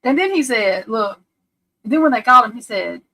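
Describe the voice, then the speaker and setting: Woman ranting on a live stream about a crime case, cusses a lot, laughs, kinda high bright voice. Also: normal speed, rough recording. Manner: blunt, profane and animated; laughs often while telling stories. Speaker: livestream host. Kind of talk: casual true crime commentary. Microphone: webcam or desk mic on a live stream.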